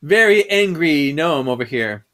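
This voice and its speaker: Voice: mid-range voice, very animated, moderate pace, a bit bright. A podcast co-host in casual chat, recapping a comic and often laughing. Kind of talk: casual chat, reading manga aloud.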